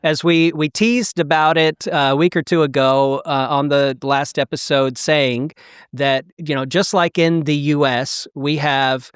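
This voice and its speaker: A middle-aged American man from the South and Midwest, hosting a casual podcast chat and talking in halting restarts with many fillers. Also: on the high side, fairly even intonation, smooth, no echo, clean studio sound. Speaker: podcast host.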